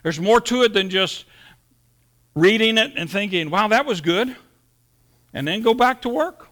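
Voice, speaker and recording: A man's voice: sits high, expressive, a little slow, fairly bright tone. A middle-aged man preaching a sermon, folksy and storytelling, acting out quotes as he goes. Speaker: pastor.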